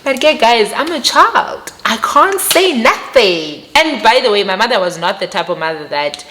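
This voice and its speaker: A woman's voice: on the high side, moderate pace. A young woman with a South African accent telling a personal story to her viewers, emphatic and repetitive as she talks straight to them. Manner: animated, emphatic, repeats phrases, addresses viewers directly. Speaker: vlogger.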